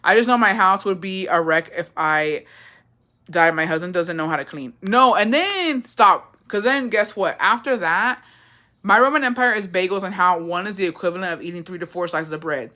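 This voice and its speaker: A young adult woman chats casually with her viewers. Her voice sits slightly low yet sounds bright and forceful. She talks bluntly, swears freely and calls everyone bestie. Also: a little fast. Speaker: livestream host reading viewer comments. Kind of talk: casual chat.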